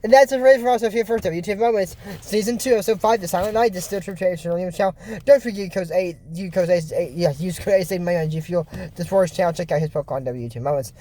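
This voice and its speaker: Male YouTuber host, mellow tone, casual rambling delivery with restarts. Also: high voice, fast talker, few pauses. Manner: loose, meandering retelling with frequent restarts. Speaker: YouTuber recapping cartoon episodes.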